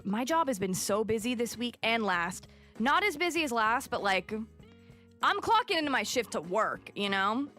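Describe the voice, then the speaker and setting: A young woman chats casually on a live stream, greeting viewers one by one and rambling with lots of "like" and "um." Her voice is bright and forward. Soft music plays faintly underneath. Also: a little high. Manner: chatty, greets viewers by name, many fillers.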